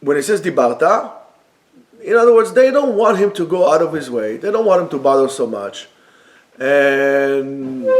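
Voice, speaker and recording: A man teaching a Torah class in a yeshiva study room, lively and acting out the dialogue of the text while mixing in Hebrew quotes and explaining them. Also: on the high side, normal speed.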